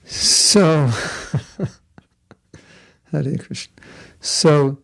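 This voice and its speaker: A man's voice: fairly high pitch, steady tone, unhurried, creaky, long pauses. A man giving a conversational devotional class, telling a story with asides and jokes. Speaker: spiritual teacher. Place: Florida.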